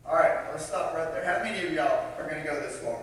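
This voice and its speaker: A pastor with a fairly high voice talks fast in a sermon, telling a story with acted-out voices and laughing at himself. It's recorded from far off in the echoey hall of a large church sanctuary, with a little hiss or hum.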